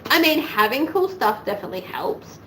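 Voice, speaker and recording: A woman's voice: fairly high pitch, big pitch swings, a little fast, fairly bright tone, slight background noise, low-quality recording. Chatty Australian woman thinking aloud. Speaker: sewing livestream host. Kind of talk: casual livestream chat while sewing. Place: home sewing room.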